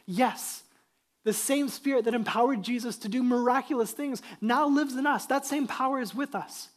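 A man's voice: extremely high pitch, normal speed. A middle-aged man preaching a sermon as pastor, talking conversationally and building emphasis on key points.

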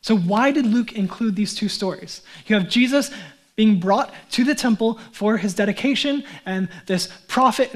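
A man, a pastor, preaching a sermon in a conversational way, often asking and answering his own questions. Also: extremely high pitch.

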